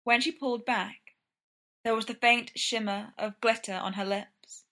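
A woman reading fiction aloud in a measured, even storytelling manner. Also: on the high side. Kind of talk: audiobook fiction narration.

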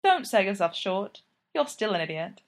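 A woman's voice: medium pitch, sing-song, moderate pace. A woman voicing a wry, self-doubting young female college student.

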